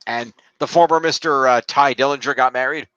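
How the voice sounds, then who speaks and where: A man's voice: mid-range voice, fairly quick, a bit bright, clean tone, dry recording, lo-fi sound. A man co-hosting a casual podcast, rambling and tallying up points as he talks. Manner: rambling, counts points aloud, trails off while looking things up. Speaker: podcast co-host scoring a fantasy league. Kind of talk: casual chat.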